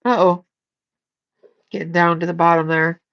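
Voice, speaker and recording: A woman's voice: lowish voice, level tone, moderate pace, fairly bright tone, lo-fi sound. A woman hosting a casual livestream, chatting and giggling as she reads viewer comments. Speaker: psychic livestream host.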